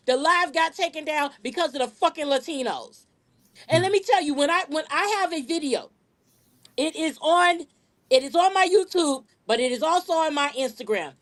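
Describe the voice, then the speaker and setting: A woman hosting a live-streamed podcast, talking in an aggressive, profane, emphatic way and repeating words when heated. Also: sits high. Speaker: podcast host.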